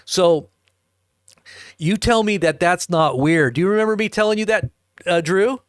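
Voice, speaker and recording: A man's voice: high voice, moderate pace, dry recording, studio quality. A man hosting a livestream, telling a rambling story and chuckling as he talks to viewers in the chat. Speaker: livestream host. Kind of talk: casual storytelling to a live chat.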